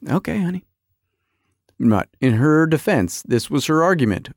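Animated middle-aged man telling a story. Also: fairly high pitch, moderate pace, pauses often, no echo, clean studio sound. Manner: animated, exaggerated storytelling with quoted voices. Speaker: podcast host. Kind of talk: comic storytelling monologue.

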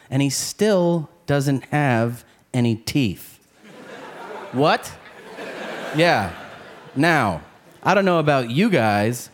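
A man doing a stand-up comedy set on a club stage, acting out characters in quick asides. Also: mid-range voice. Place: comedy club stage before a laughing audience. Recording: live club recording with crowd laughter and noise.

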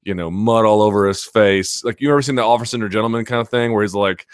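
Male chat-show host, lowish voice, casual and rambling, dry recording. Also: quick pace, smooth, no echo. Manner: rambling storyteller, many fillers and restarts.

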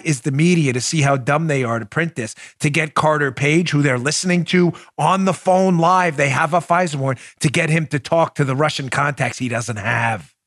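Mocking fast-talking guy hosting his political show, kinda high voice, dry studio sound. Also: no room sound. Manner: sarcastic, mocking, animated, swings between loud and muttered asides. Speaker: political podcast host. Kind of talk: opinionated solo commentary.

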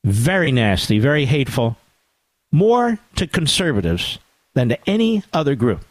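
Male radio host, middle pitch, biting and sarcastic, dry close-mic studio sound. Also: normal speed, no echo. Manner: sarcastic, animated, asides to his producer. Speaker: radio talk show host. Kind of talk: opinionated political talk radio monologue.

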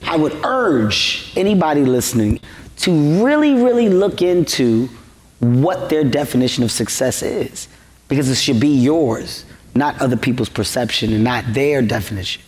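A man's voice: medium pitch, animated, moderate pace, darkish tone. A man speaking earnestly, urging listeners to define success for themselves. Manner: earnest, advising. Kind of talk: motivational talk. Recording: reverberant room, faint noise.

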